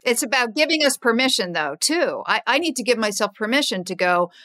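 A woman's voice: a little high, animated, a little fast, sharp tone. A woman hosting a podcast, talking bluntly and frankly in a casual chat. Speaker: podcast host.

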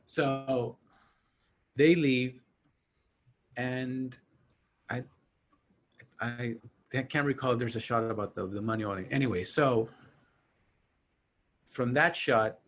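A man's voice: mid-range voice, slow, long pauses. A man co-hosting a podcast, chatting casually about a film and acting out its characters. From Mexican-American. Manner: animated, acts out film characters. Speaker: podcast co-host. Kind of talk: casual movie chat.

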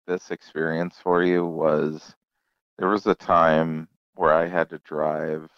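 A man with a very low voice and a gravelly, creaky edge tells stories in a relaxed, easygoing way. The sound is dry and a little dull, with no room around it. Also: slow, no echo. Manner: laid-back storyteller, acts out quoted voices. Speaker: comedian guest. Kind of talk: casual storytelling chat.

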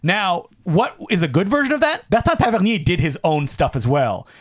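A man co-hosting a casual film podcast, giving blunt opinions in an animated way. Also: high voice, moderate pace. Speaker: podcast co-host.

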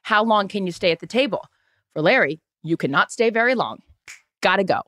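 A woman's voice: mid-range voice, fairly quick, dry recording. Female podcast co-host, casual storyteller who acts out the quotes, mid-range voice, dry close mic. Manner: animated storyteller acting out quotes; casual, swears freely.

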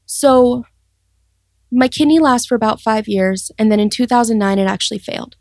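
A woman's voice: on the high side, dry recording, clean studio sound. Earnest young woman sharing her story. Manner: earnest, reflective, halting with restarts. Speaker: guest sharing testimony. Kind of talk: personal testimony interview.

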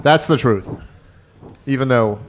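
A man's voice: mid-range voice, unhurried, a little hiss or hum. A man co-hosting a casual podcast, rambling and self-mocking, laughing easily at his own stories. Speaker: podcast co-host.

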